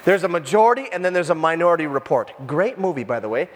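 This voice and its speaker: A man preaching a sermon in a conversational, animated way, full of jokey asides. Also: a little high, fast, big-room sound. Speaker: pastor. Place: church room with a congregation.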